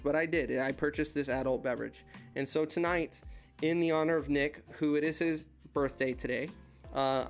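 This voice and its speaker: Chatty American man hosting a live Q&A. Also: medium pitch. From United States. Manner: chatty, greets viewers by name, rambling anecdotes. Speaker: YouTube channel host, heavy equipment operator. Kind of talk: casual live-stream Q&A chat. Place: at his desk indoors.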